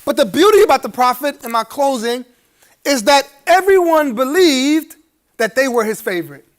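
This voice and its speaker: Keynote speaker at a gala: a man with a strikingly high voice, preacherly delivery with humorous chuckling asides. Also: sing-song, moderate pace. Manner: emphatic rising appeals to the audience. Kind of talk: live keynote speech at a gala dinner.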